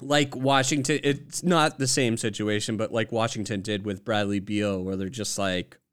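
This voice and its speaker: Smooth-voiced man chatting about basketball. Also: fairly low pitch, fairly even intonation, normal speed, fairly bright tone. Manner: conversational, reasoned takes with fillers. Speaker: podcast guest fan. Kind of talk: casual chat.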